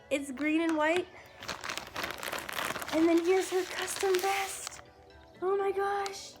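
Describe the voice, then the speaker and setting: High-pitched excitable woman doing an unboxing vlog, lots of squealy baby talk to her dogs, music under it. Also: slow pace, pauses often. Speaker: vlogger with a service dog. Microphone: phone camera.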